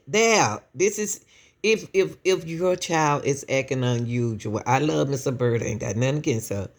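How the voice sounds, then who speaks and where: A woman hosting true-crime commentary who talks straight to her viewers with lots of rhetorical questions. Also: low-pitched. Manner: keeps addressing the audience as y'all, asks rhetorical questions. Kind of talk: emotional casual commentary to viewers.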